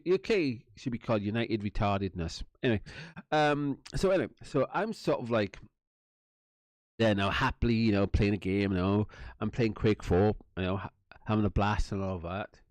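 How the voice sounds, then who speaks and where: A man's voice: on the low side, normal speed, darkish tone, no room sound. A Welsh man telling a long personal story in a casual, rambling way, swearing often, laughing and acting out the other people's lines. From Wales. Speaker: channel host telling a story.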